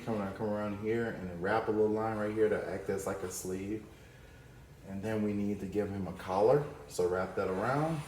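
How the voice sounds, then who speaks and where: A man's voice: on the low side, darkish tone, reverberant, a little hiss or hum. A man teaching a cartoon drawing lesson, upbeat and playful as he talks through each stroke. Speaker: art teacher.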